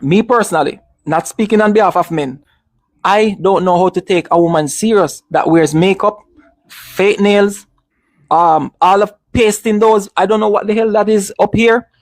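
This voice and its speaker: A man's voice: high voice, steady tone, normal speed, dry recording. A man in casual discussion, speaking emphatically, repeating his points and restarting often.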